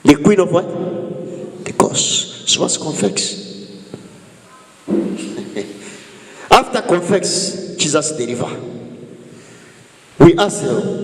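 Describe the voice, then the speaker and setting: A male pastor preaching a sermon, calling out questions for the congregation to answer and jumping high in pitch. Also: big pitch swings, drawn-out words, long pauses. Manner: call-and-response preaching with sudden high pitch. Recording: echoey hall, slightly distant.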